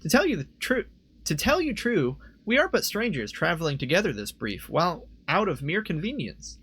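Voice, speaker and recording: A terse, guarded young woman adventurer from a fantasy game, performed by a man. The voice sits higher than his own and the lines come out clipped and formal. She gives nothing away. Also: big pitch swings, normal speed, fairly bright tone, slightly rough, exaggerated voice.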